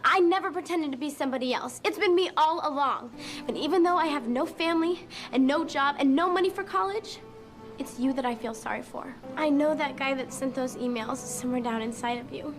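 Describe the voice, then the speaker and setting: An actress playing a wounded but proud teenage girl who calmly tells off the boy who let her down. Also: high-pitched. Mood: defiant. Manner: firm, measured, wounded. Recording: film clip with soft music.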